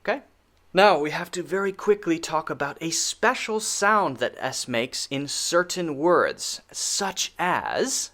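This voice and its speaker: Man, American accent, pronunciation teacher, slow deliberate pace, playful, repeats words for drill. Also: a little high, big pitch swings, pushed and bright. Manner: playful, repeats words slowly for drill, drops to near whispers. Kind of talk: casual online pronunciation lesson.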